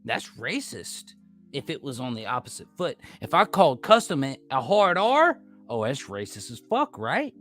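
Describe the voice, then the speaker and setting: An American man on a livestream, ranting hard and cursing freely. His voice is bright and forceful and swings widely up and down as he repeats points and argues with his viewers. Faint music plays behind him. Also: medium pitch, wildly swooping pitch, moderate pace. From United States. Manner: ranting, profane, repeats himself, argues with chat. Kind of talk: heated casual rant.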